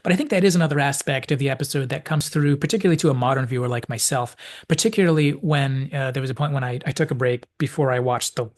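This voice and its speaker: A man's voice: medium pitch, fast. Reflective man analyzing an episode. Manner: reflective, thinking aloud, restarts phrases. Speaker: video essay host.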